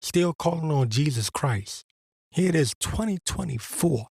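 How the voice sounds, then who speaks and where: A man's voice: fairly high pitch, animated, measured pace, gravelly, a little mellow, slightly rough, dry recording, studio quality. A man giving a blunt, profane religious monologue as host, in an exasperated and crude manner. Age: adult veteran.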